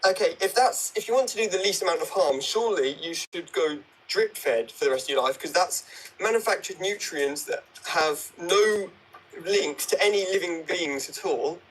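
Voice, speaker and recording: A man calling in to a livestream who reads quickly and pushes argumentative questions. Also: sits high, animated, a bit bright, a little hiss or hum, low-quality recording. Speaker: caller on a livestream. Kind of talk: casual call-in debate.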